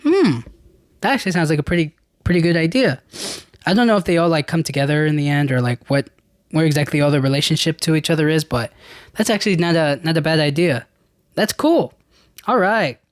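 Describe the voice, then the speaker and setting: A podcast host with a slightly high voice talks at a fairly quick clip on his own show, rambling loosely, restarting sentences, and using casual slang. The recording is close and dry, with no sense of the room.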